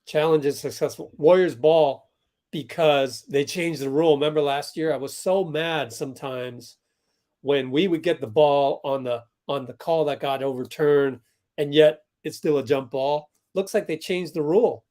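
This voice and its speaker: A man's voice: a little high, normal speed, warm tone. Chatty man live-streaming game commentary. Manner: chatty, reacts to plays, talks to chat viewers. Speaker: livestream host doing game commentary. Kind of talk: casual live commentary for a watch-along stream.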